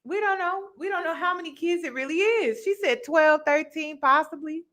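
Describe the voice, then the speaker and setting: A woman hosting a casual chat about a reality show, expressive and laughing, speaking to viewers directly. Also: extremely high pitch, normal speed. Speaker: host.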